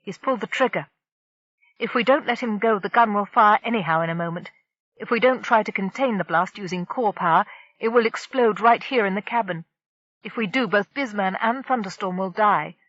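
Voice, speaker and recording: A woman's voice: mid-range voice, brisk, fairly bright tone, dry recording, muffled recording, close to an everyday voice. A woman voicing a female brain ship who explains danger in an urgent, precise way. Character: female brain ship, calm and quick-thinking.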